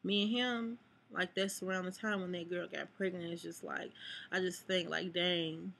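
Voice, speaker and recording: A woman's voice: lowish voice, steady tone, normal speed, creaky, fairly bright tone. A sad, upset young woman venting to viewers in a rambling vlog, cursing freely. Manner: rambling, cusses, addresses viewers. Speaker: vlogger.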